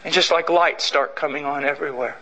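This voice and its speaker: Male preacher, high bright voice, fervent and emphatic sermon delivery. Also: a little fast, low-quality recording.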